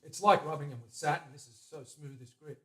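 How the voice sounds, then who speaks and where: A man hosting a casual workshop stream, chatting to viewers and a helper as he works. His volume swings between loud, excited bursts and quiet mumbles to himself. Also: fairly high pitch, fairly quick. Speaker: guitar builder hosting a livestream. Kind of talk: casual workshop chat while working.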